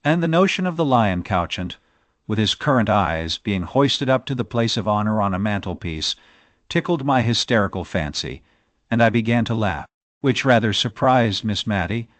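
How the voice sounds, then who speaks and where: A man narrating a classic novel as an audiobook, in expressive, measured storytelling. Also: on the low side, no echo.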